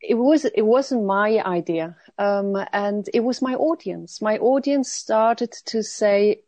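A woman from Switzerland talking as a guest in an interview, reflective and halting, often restarting her sentences. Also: mid-range voice, dark tone, no echo. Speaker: guest speaker. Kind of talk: conversational interview.

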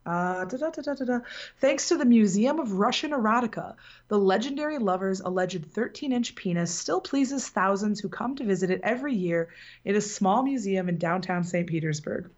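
A woman's voice: mid-range voice, lively intonation, brisk. Woman podcast host, loose rambling storyteller who laughs easily, lo-fi sound. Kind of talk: casual chat.

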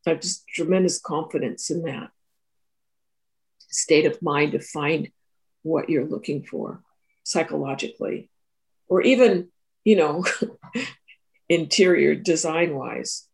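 A woman's voice: low voice, slow, creaky, pauses often, darkish tone. Earnest woman retelling a personal story. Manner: earnest, repeats and restarts phrases. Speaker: Three Principles teacher and therapist. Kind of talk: reflective personal story in an interview.

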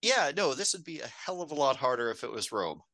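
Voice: medium pitch, big pitch swings, a little fast, bright, forceful tone, no echo. A co-host on a casual film podcast who recaps plots with wry jokes and frequent laughter.

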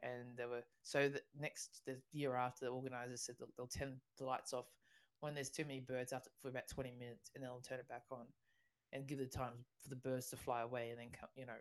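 Low-voiced Australian woman telling stories. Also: flat delivery, quick pace. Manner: chatty storyteller, laughs often, restarts. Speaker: podcast co-host. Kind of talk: casual chat.

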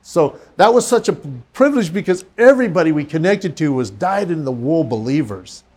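A man's voice: a little high, fairly quick. A man who is a pastor, telling a story in casual conversation and acting out the voices of the people in it. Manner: animated, acts out quoted voices.

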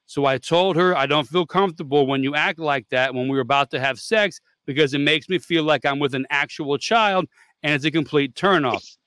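A male podcast host reads a forum post aloud and keeps stumbling on it, cursing at the bad punctuation. His voice sits a bit high and sounds bright and forceful. The recording is close and dry. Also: normal speed, clear, resonant tone, dry recording. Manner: blunt, swears freely, stumbles over the text. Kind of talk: reading a forum post aloud, casual chat.

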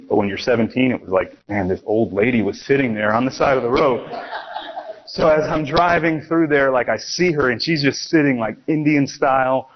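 A man's voice: medium pitch, dull audio. A man from Miami preaching a sermon, telling personal stories in a casual, conversational way with frequent restarts. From Miami, USA.

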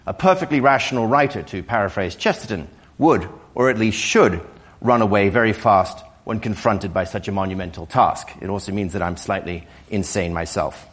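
Hoarse with a cold, a male author lectures publicly at a museum, occasionally faltering with fillers and restarts. His voice is on the low side with a fairly bright tone, and he talks at normal speed.

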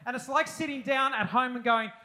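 A middle-aged man preaching a sermon, animated and self-deprecating with humorous asides. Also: very high-pitched, brisk, poor audio. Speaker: pastor.

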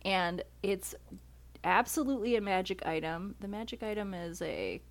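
A chatty woman co-hosting a podcast, recapping movie plots in easy, casual conversation. Her voice sits at a middle pitch and she laughs often as she talks. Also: lively intonation, moderate pace. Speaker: podcast co-host. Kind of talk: casual chat.

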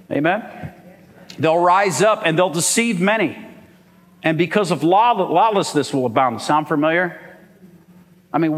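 A man preaching a sermon to his church, emphatic and asking the congregation "amen?". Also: high-pitched. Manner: emphatic, call-and-response, asks "amen?". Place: church hall. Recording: long hall reverb.

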